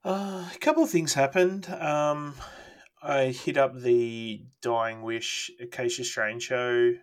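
A man co-hosting a music podcast, talking in a relaxed, easygoing way. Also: mid-range voice, slow. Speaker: podcast co-host. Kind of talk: casual chat.

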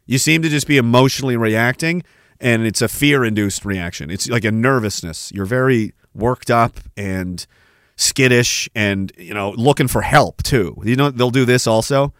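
A man's voice: medium pitch, normal speed, fairly bright tone, no echo, studio quality. A man hosting a podcast, delivering a profane, rambling monologue rant. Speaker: podcast host. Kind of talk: ranting monologue.

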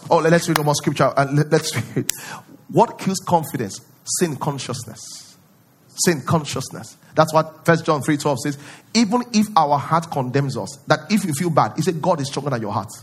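A male pastor preaching a sermon, acting out prayers in a pleading voice and rising to loud declarations. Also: a little high, lively intonation, a little fast, husky.

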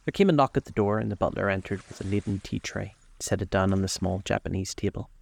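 A man reading a classic novel aloud as calm audiobook narration, slow and measured. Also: low voice, gravelly. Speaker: storyteller. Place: outdoors on a lakeside deck.

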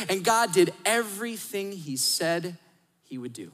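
Bright, high-voiced man preaching in a hall. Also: brisk. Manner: animated storytelling, acts out voices, swings from loud to hushed. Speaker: pastor. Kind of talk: sermon.

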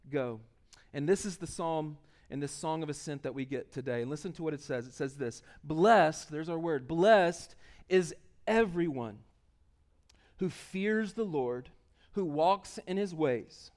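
A man preaching a sermon as pastor, talking conversationally, with restarts and emphatic swells, and slowing down to read scripture aloud. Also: sits high.

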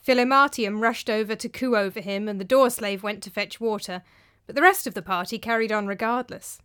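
A woman's voice: mid-range voice, brisk, smooth, no echo, clean studio sound. A woman narrating a storybook tale expressively. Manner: expressive, animated. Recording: faint background music.

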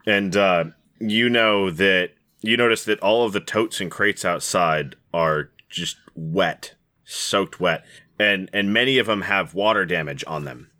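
A man's voice: low-pitched, measured pace, pushed and bright. A man narrating a tabletop game as game master, casual and rambling, with some swearing.

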